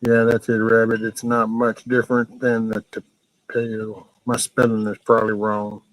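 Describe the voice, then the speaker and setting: A middle-aged man hosts a casual livestream chat from home near a backyard chicken coop, rambling in a laid-back way and stopping mid-sentence now and then to scold his dog. His voice is fairly low and monotone at a moderate pace, and the recording is low quality with no echo.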